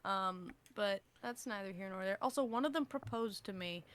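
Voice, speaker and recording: A woman's voice: mid-range voice, moderate pace, background noise. A young woman co-hosting a podcast in casual chat, swearing, laughing and mocking herself. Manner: swearing, laughing, jokey self-mockery. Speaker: podcast co-host.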